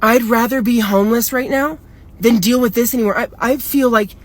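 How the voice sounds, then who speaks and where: A woman's voice: on the high side, a little fast. A young woman telling a storytime in a casual, upset and rambling way, swearing a lot. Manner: upset, rambling, heavy swearing, many "like" fillers.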